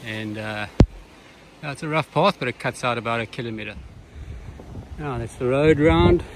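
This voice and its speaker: A man narrating a casual sailing travel vlog, relaxed and hesitant with frequent ums and uhs, recorded outdoors on a handheld camera. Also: medium pitch, moderate pace. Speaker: sailing vlogger. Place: outdoors on an island. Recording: windy outdoor noise.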